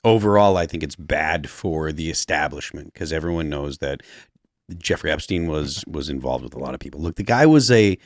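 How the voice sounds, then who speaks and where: Deep man co-host, dry studio sound, measured speculative chat. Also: lively intonation, dry recording. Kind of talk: casual panel discussion. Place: podcast studio.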